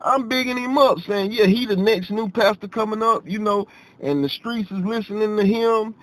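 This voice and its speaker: High-voiced man telling a story. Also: normal speed, poor audio. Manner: animated, repeats himself, quotes others in dialogue. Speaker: vlogger telling a personal story. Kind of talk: casual storytelling to camera.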